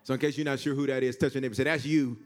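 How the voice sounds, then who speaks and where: A male pastor preaching a sermon, calling on the congregation to answer and touch their neighbor, swinging between shouts and hushed asides. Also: medium pitch, very fast. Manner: animated, swings from shouting to hushed, acts out God's voice; call-and-response with congregation.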